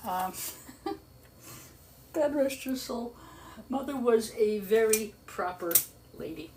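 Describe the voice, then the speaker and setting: An older woman chats through a long story on her live stream as she works, laughing frequently and getting animated whenever she quotes someone. She speaks slowly in a slightly high voice, over clear background noise punctuated by clicks.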